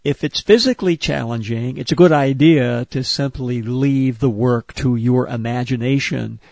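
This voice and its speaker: A man calmly explaining a movement exercise step by step, repeating each point with care. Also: mid-range voice, normal speed, creaky, no echo. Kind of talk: step-by-step instruction.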